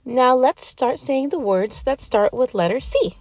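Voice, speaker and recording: A gentle gazelle schoolteacher, played by a woman in a cartoon-style toy lesson, speaking slowly and sing-song with a high, lively lilt. She praises her small pupils warmly as she spells out words. Dry, close sound. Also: no room sound, exaggerated voice. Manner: slow, sing-song and encouraging, praising often. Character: gentle, patient gazelle schoolteacher, adult female. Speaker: preschool teacher.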